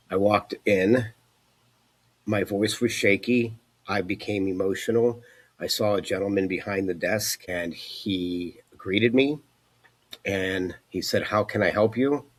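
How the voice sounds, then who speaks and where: Low husky man telling his story. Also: steady tone, unhurried. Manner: earnest, reflective, many "you know" fillers. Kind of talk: personal testimony.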